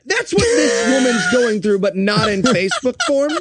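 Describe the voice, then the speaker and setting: A man's voice: very high voice, wildly swooping pitch, moderate pace, fairly bright tone, slightly rough, dry recording, clean studio sound. A man co-hosting a comedy podcast, going off on crude, rambling sarcastic riffs while reviewing a movie. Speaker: podcast co-host. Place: podcast recording.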